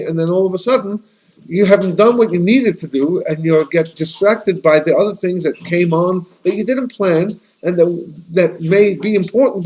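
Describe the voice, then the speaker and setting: A man's voice: high-pitched, slight background noise, low-quality recording. A rabbi teaches his class in a loose, storytelling way, his voice sitting a bit above the usual male range. He keeps breaking off and restarting sentences and sprinkles his talk with Yiddish and Hebrew words. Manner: chatty and anecdotal, with frequent restarts; animated, with Yiddish and Hebrew terms. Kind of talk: casual conversational lesson.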